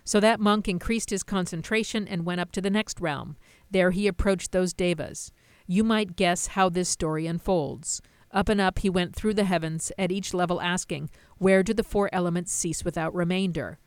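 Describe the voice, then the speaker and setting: A woman's voice: lowish voice, normal speed, smooth, no room sound. A woman teaching a Buddhist sutta, retelling its story with plain asides. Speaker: dharma teacher.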